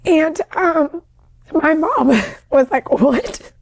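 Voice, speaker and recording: A high-pitched woman shares an emotional personal story as a podcast guest, at a moderate pace with a slightly mellow tone. Talkative, she fills her sentences with "like" and "um," and calls herself an overachiever and people pleaser who is always talking.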